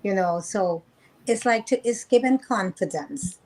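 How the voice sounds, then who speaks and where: A woman singer, a guest on a radio interview, talking in a soft, earnest way. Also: mid-range voice, lively intonation, a little slow, rough recording. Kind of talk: casual radio interview chat.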